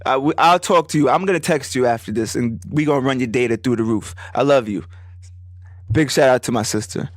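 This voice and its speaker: A man hosting a podcast and telling a story casually, animated and profane, jumping high in pitch when he quotes others. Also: fairly quick, no echo, clean studio sound. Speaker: podcast host; business owner.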